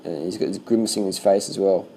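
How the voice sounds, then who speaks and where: A man with a low, gravelly voice gives casual reaction commentary over bike race footage. His tone is dark and mellow, and he swears freely as he talks in loose, animated bursts over a faint hiss of background noise. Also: fast, rough recording.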